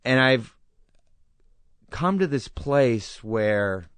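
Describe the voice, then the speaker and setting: A man's voice: medium pitch, lively intonation, very slow, fairly bright tone, smooth, no echo. A man in his thirties, a guest in a casual interview, talking earnestly and reflectively and telling stories with quoted dialogue.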